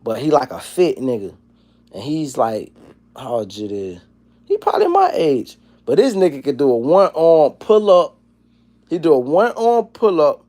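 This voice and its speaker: A man in his forties hosting a casual livestream, rambling and profane, dropping to low mumbles and then breaking into loud, animated rants. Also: normal speed. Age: 40s. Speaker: livestream host. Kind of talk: casual livestream chat, reading chat comments.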